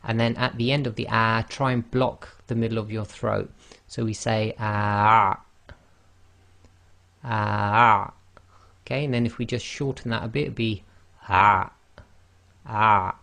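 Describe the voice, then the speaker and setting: A man's voice: medium pitch, steady tone, a little fast, vocal fry. A man teaching the pronunciation of Arabic letters, patiently demonstrating each sound and repeating it. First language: not Arabic. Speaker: online Quran teacher. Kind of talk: pronunciation lesson.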